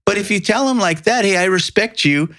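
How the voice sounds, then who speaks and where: A man co-hosting a faith-based podcast, chiming in quickly and agreeably in casual chat. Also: high-pitched, animated, bright, forceful tone. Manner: quick, agreeable, chimes in often. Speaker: podcast co-host.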